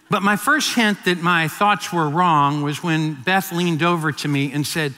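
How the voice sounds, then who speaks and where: A male pastor in his fifties preaches a sermon, with a high, bright, ringing voice. He tells stories with frequent restarts and repeated words. The sound carries a long reverb, as in a large hall. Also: normal speed, hardly any pauses. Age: 50s.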